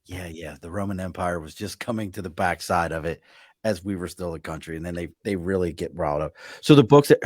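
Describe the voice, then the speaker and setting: A man's voice: low voice, brisk, dry recording, studio quality. Joking Baltimore man hosting a podcast. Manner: animated, joking, teasing. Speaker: podcast host. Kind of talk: casual interview chat.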